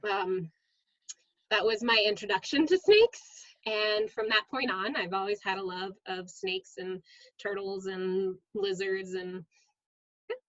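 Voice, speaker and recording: A woman, a middle school science teacher, chatting as a guest in an interview and telling lively stories with frequent "um"s. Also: medium pitch, a little slow, no room sound, dull audio. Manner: lively storyteller, many "um"s. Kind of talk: casual interview storytelling.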